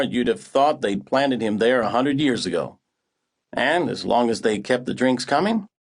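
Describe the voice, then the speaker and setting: A male audiobook narrator with a mid-range voice tells the story in the first person. His delivery is wry and hard-boiled, and he lands each barb dryly. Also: medium pitch.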